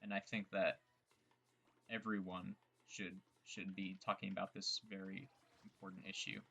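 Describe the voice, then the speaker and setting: A young man rambles and jokes in casual commentary while streaming a game, frequently mocking his own remarks. His low voice has vocal fry, a bright, forceful tone and a breathy edge, with little pitch movement and a moderate pace.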